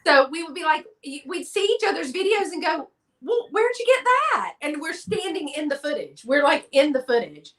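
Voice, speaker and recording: A woman's voice: sits high, lively intonation, a little fast, hardly any pauses. A woman from Texas with a Southern accent, chatting casually in a live stream and laughing often. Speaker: guest collector.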